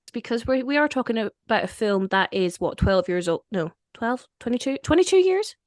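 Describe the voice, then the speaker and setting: A woman's voice: fairly high pitch, very animated, brisk, no echo, studio quality. A woman with a Scottish accent hosting a casual film podcast, talking in a chatty way, laughing easily and often restarting her sentences. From Scotland. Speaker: podcast host.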